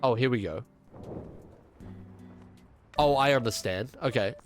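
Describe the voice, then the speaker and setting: A man's voice: mid-range voice, a little slow, soft background music. Congested young man streaming with sarcasm. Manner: chatty, sarcastic, mock-outraged asides to chat. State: congested, sick. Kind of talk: casual gaming stream chat.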